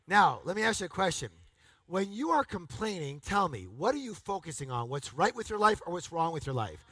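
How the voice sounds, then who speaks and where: A man giving a motivational seminar talk to a live audience, energetic and emphatic, often calling on the crowd to answer or repeat after him and bursting into loud, punchy exclamations. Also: a little high, no room sound. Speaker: seminar speaker.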